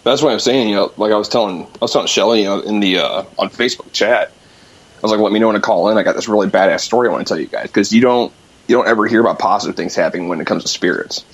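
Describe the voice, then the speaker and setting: A man's voice: lowish voice, slightly rough. A young man calling in, telling a ghost story in a rambling, casual way with lots of fillers. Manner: rambling, many fillers, quick. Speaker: guest musician calling in. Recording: dull lo-fi call-in line.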